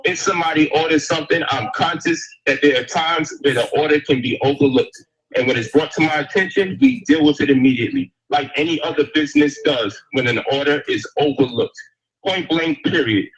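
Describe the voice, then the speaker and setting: A man's voice: a little high, a little fast, fairly bright tone, lo-fi sound. Defensive man pushing back firmly. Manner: defensive, calls others brother, dismissive. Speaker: business owner answering callers. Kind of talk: heated call-in argument.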